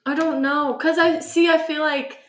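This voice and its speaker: A woman's voice: sits high, fairly even intonation, normal speed, reverberant. A young woman co-hosting a casual podcast chat, chatty and giggly. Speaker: podcast co-host.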